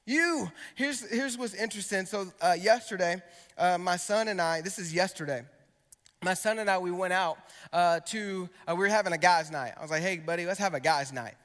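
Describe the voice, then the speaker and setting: Man, youth pastor, young adult, high-pitched, conversational sermon, echoing church hall. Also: a little fast, a bit bright. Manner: conversational preaching with storytelling asides. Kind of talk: sermon to students. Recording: long hall reverb.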